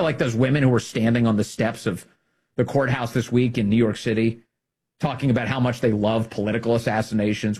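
Middle-aged male commentator: slightly raspy, lively up-and-down delivery, punchy and combative. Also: on the low side. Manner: emphatic, combative, swings between loud and hushed. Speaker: political commentator. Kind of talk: political commentary monologue.

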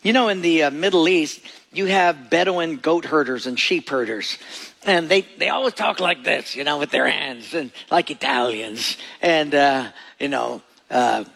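A man preaching a sermon as pastor, storytelling and acting out voices in his anecdotes, with a gravelly voice. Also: fairly high pitch, moderate pace, fairly bright tone. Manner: storytelling, acts out voices in quoted jokes. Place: church sanctuary. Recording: long reverb of a large hall.

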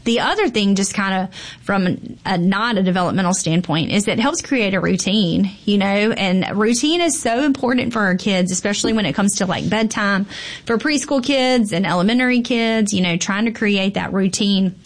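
A woman who works as a pediatrician, talking in a relaxed podcast chat. She is animated and emphatic and repeats key phrases for stress. She speaks at an ordinary pitch with plenty of ums. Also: normal speed. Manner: animated, emphatic, frequent fillers.

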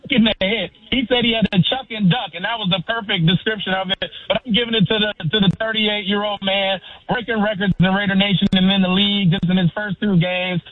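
A man's voice: high-pitched, fairly even intonation, fast, few pauses, no echo. A middle-aged man calling into a sports radio show, effusive and rambling, calling the host brother. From Sacramento, California. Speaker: caller. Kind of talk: excited sports call-in chat. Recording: tinny phone line.

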